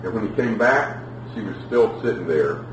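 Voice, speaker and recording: A man preaching a sermon, telling lively stories and acting out the people in them. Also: lowish voice, normal speed, noisy background. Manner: animated storytelling, acts out quotes. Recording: echoey room, from far off.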